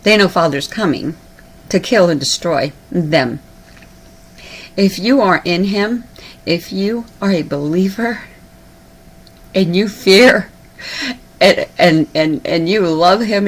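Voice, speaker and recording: A woman's voice: medium pitch, a little slow, pauses often. A woman preaching urgently to her viewers, repeating herself and turning tearful and emotional. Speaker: online video preacher. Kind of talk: emotional personal address to viewers.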